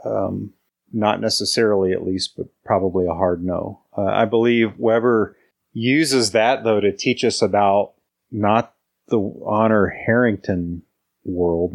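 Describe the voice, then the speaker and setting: A man co-hosting a book discussion podcast, talking in a slow, halting way with many fillers, then reading a passage. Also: on the low side, steady tone, vocal fry. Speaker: book club podcast co-host. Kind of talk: casual chat, reading a quote aloud.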